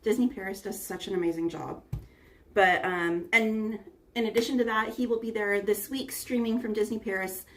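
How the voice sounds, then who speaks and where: A woman's voice: mid-range voice, fairly even intonation, moderate pace, fairly bright tone, recorded from a distance, slight background noise. Chatty woman hosting a live stream. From United States. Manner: chatty, greets viewers by name, fillers. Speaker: livestream host. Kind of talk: casual livestream chat. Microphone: phone front camera.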